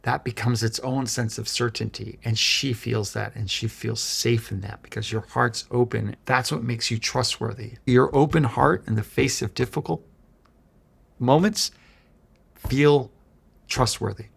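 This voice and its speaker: Gravelly-voiced man coaching earnestly. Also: medium pitch, steady tone, a little slow. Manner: earnest, coaching, gives direct instructions. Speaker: relationship coach. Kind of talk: motivational monologue.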